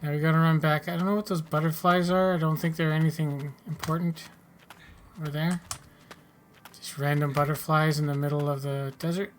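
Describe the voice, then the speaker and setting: A man's voice: fairly high pitch, level tone, a little fast, slight background noise. A man giving casual, self-mocking gameplay commentary as a gaming YouTuber, trailing off mid-thought.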